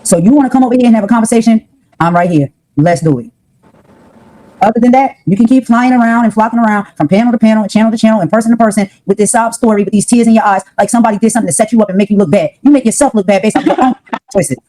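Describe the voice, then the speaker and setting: Woman, heated livestream rant, rapid delivery, warm low timbre. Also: dry recording, poor audio. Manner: confrontational, repetitive, scolding. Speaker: livestream commentator.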